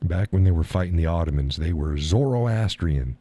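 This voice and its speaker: A man's voice: low-pitched, lively intonation, moderate pace, dark tone. A man hosting a live stream, chatting in a rambling, blunt way and laughing often as he talks. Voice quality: swears casually. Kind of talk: casual monologue chat. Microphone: audio call setup.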